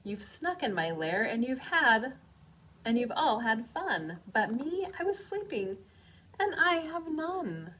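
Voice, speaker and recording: A woman voicing a hungry, grumpy bear woken from hibernation, complaining loudly in a whiny voice. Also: on the high side, very animated, slow pace, slightly rough, voice pushed up, exaggerated voice, poor audio. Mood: aggrieved.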